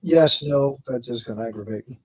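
A man's voice: medium pitch, fairly quick, darkish tone, slightly rough, no room sound, highs cut off. A man co-hosting a casual live stream, teasing his friend with dry jokes and laughing often.

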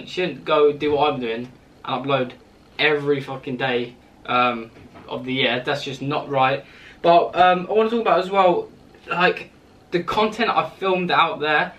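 A man's voice: fairly high pitch, fairly bright tone, recorded from a distance. A young man hosting his own podcast in casual, rambling chat, swearing freely and restarting sentences. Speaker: podcast host.

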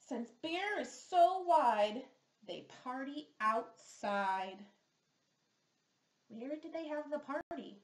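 A woman reads a picture book to young children at an unhurried pace, pausing to ask them questions. She models each speech sound slowly and with exaggeration, in a rather high voice. The recording has a noticeable roomy echo. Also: a bit bright. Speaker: children's therapist.

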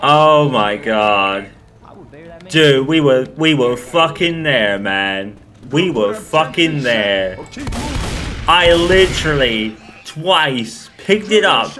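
A man's voice: fairly high pitch, sharp tone. A young man giving live commentary over a co-op zombie game, exasperated and swearing often. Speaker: gaming channel host.

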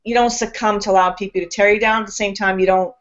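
A woman's voice: medium pitch, steady tone, fast talker, muffled recording. A woman hosting a talk show, speaking in a casual, emphatic way with long, loose, philosophical runs. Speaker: host.

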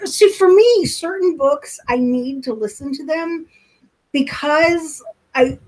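A woman librarian co-hosting a casual book chat, talking freely and correcting herself with quick apologies. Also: sits high, animated, a little mellow, slight background noise, rough recording. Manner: talkative, self-correcting, apologetic. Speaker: librarian co-host. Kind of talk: casual chat about books.

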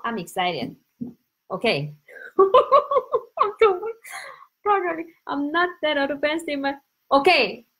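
A woman from Korea with a Korean accent, a Korean teacher giving a casual, excitable and spontaneous live-stream lesson. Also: high voice. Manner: excitable, laughing, chatty and spontaneous.

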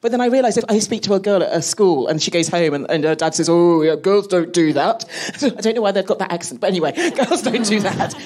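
A woman space scientist talking as a guest on a live panel, lively and laughing as she tells stories. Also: medium pitch, fast, few pauses, slightly rough. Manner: animated, laughing, storytelling. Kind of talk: live podcast panel talk. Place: live audience at a museum event.

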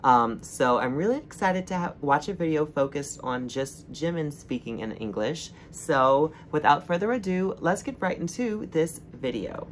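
A man's voice: on the high side, lively intonation, normal speed, hardly any pauses, a little hiss or hum. A man hosting a reaction video in a casual, earnest and openly emotional way.

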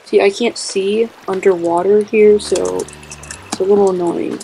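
Excitable woman chatting through a game. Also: medium pitch, gravelly, slight background noise, low-quality recording. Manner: excitable, quick to laugh. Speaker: co-host of a game series. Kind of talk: casual gameplay chat.

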